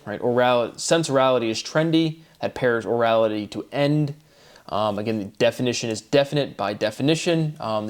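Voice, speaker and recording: A man giving a rambling solo monologue, posing rhetorical questions to himself and dwelling on wordplay, slowing right down as he asks them. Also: medium pitch. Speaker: solo lecturer. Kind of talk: solo spoken monologue on word theory.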